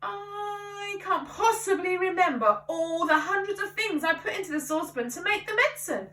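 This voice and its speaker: A woman's voice: extremely high pitch, lively intonation, normal speed, sharp tone, voice pushed up, exaggerated voice. A woman voicing a polite young boy who hesitantly tries to interrupt his father. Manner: hesitant, pleading. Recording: echoey room, voice from a distance.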